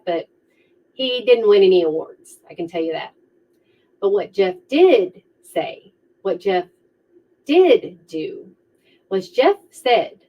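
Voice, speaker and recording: A woman vlogger telling a true crime story casually, with an animated, sarcastic manner, on a dull lo-fi recording. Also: mid-range voice. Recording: dull lo-fi sound.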